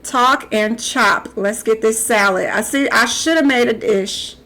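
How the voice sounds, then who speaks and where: A young adult woman streaming live, giving animated gameplay commentary and talking back to the characters on screen. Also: on the high side, normal speed.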